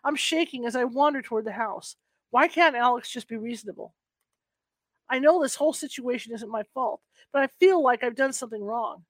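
Reading a first-person novel aloud, a woman with a fairly high voice moves at a soft, unhurried pace. Now and then she stumbles over a word and starts it again. The recording is close and dry.

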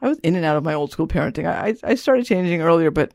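A woman's voice: on the low side, expressive, fast talker, creaky, a little mellow, dry recording, studio quality. A middle-aged woman, an author and parent, talking casually in an interview with a rambling manner that keeps checking in with "you know" and "right?".

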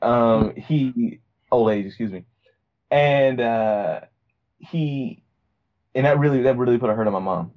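Rambling young man, dull lo-fi sound. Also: lowish voice. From Virginia, USA. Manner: rambling, many fillers and restarts. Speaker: podcast guest. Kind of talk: personal story, casual talk.

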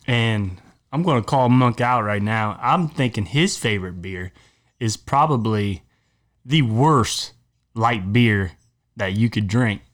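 A young man co-hosting a casual podcast chat, telling rambling, animated stories with plenty of cussing. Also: on the low side, takes it slowly. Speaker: podcast co-host.

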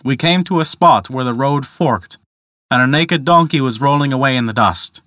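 A man narrating a folktale in a steady, measured storytelling manner. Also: medium pitch, dry recording, studio quality.

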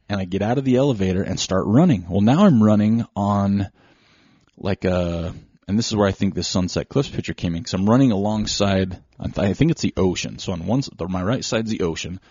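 A middle-aged man hosting a podcast, telling a story in a rambling, excitable way. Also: fairly low pitch, fairly quick, husky, dry recording, lo-fi sound. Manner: rambling, excitable, strings events together with "so". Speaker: podcast host. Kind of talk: casual storytelling monologue.

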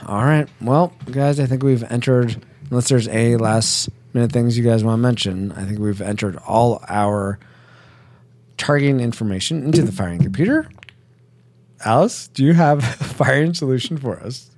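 A man hosting a film podcast, jokey and animated. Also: mid-range voice, moderate pace, no room sound. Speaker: podcast host.

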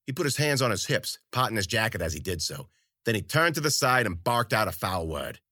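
A man's voice: lowish voice, big pitch swings, a little fast, sharp tone, no room sound, studio quality. A man narrating a story in first person, with wry, colloquial and profane delivery. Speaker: audiobook narrator.

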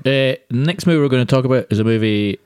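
A man's voice: mid-range voice, fast talker, darkish tone, clean tone, no echo, studio quality. A man hosting a film podcast in casual chat, chatty and laughing often. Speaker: podcast host.

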